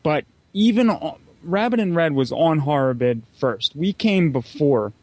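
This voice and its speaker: A man's voice: a little high, lively intonation, measured pace, darkish tone. A man co-hosts a casual podcast. He jumps into the talk eagerly and apologizes as he does it. His voice is recorded dry, with no room echo. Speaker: podcast co-host.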